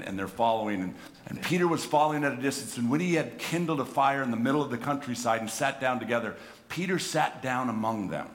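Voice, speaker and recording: A middle-aged pastor preaches a sermon, moving from hushed reflection to loud, impassioned emphasis and often repeating words as he restarts phrases. His voice is mid-range, with a little hiss or hum on the recording.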